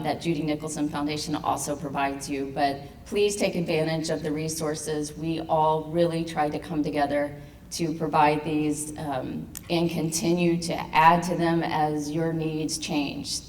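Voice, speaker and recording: A woman's voice: low-pitched, flat delivery, normal speed, darkish tone. A woman from an advocacy organization giving earnest, informal welcome remarks at an event. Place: event hall. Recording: echoey hall, distant mic, faint noise.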